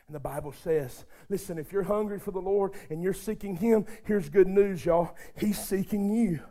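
High-voiced male preacher, fervent. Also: moderate pace, few pauses. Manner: swings from hushed intimacy to shouted fervor; addresses the congregation directly, calls for responses. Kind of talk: sermon.

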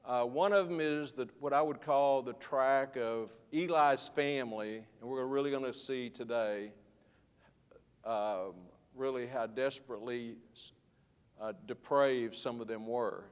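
A man's voice: mid-range voice, unhurried, clear, resonant tone, in a large hall. A man teaching a Bible study lesson to his class, folksy and rambling, often restarting his sentences. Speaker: Sunday school teacher.

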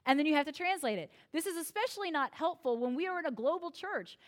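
A woman from the United States preaches with a high, bright-sounding voice. She is expressive and playful, dropping in wry self-deprecating asides and acting out little quoted exchanges. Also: fast talker. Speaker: pastor. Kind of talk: sermon.

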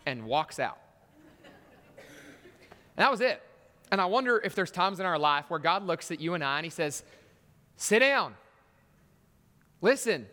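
A man's voice: a little high, animated, moderate pace, long pauses, bright, forceful tone, long reverb tail. A man preaching a sermon in a church, telling stories and acting out voices with punchy emphasis.

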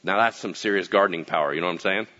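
A male pastor preaching a casual sermon, telling stories with acted-out quotes and swinging from booming to hushed. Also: very fast, highs cut off.

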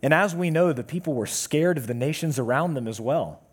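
Husky-voiced male preacher. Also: on the high side, expressive, a little fast. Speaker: pastor. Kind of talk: sermon.

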